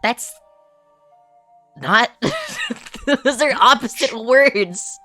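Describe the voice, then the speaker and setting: A man playing an exasperated male warrior who reads a cheesy romance aloud and keeps protesting loudly. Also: medium pitch, unhurried, faint music behind. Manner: grumbling, loud protesting outbursts. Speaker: player character. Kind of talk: in-character dramatized reading in a tabletop game.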